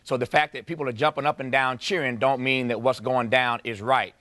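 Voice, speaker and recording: Fiery man interviewer with a bright voice. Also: mid-range voice, fairly even intonation, brisk, no room sound. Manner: impassioned, preacher-like rhetorical repetition.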